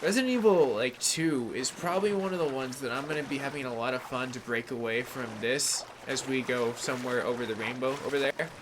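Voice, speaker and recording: A man's voice: medium pitch, fairly quick, hardly any pauses, noisy background. A man from the Bay Area in California, casually rambling through live game commentary, greeting chat viewers by name. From San Francisco Bay Area, California. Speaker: gaming livestreamer.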